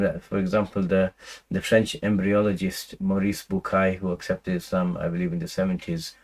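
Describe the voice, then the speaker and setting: A man with a fairly low voice explains scripture in a loose, talky lecture. He restarts sentences, leans on "you know" and "right", and slips into Arabic recitation between explanations. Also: husky, low-quality recording. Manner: conversational, many fillers and restarts, recites Arabic verses. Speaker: Quran teacher.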